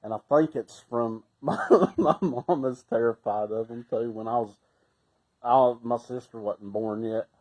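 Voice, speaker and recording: A middle-aged man with a Southern Appalachian accent, telling casual stories in a folksy way, laughing often and sometimes breaking into loud shouts. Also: medium pitch, fairly even intonation, a little slow, muffled recording. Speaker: storyteller. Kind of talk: casual storytelling.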